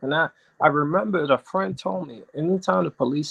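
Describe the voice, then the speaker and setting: A man from the United States calling in to tell an animated story, his voice jumping up high whenever he quotes himself. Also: brisk, gravelly, few pauses, husky, rough recording. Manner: animated, rising sharply when quoting himself. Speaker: caller. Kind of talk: storytelling on a call-in show. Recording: connection breaking up.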